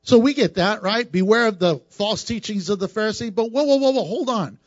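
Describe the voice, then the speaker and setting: A man preaching a sermon as a pastor, animated and teasing with the congregation. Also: high voice, a little fast, dry recording, dull audio. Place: church sanctuary.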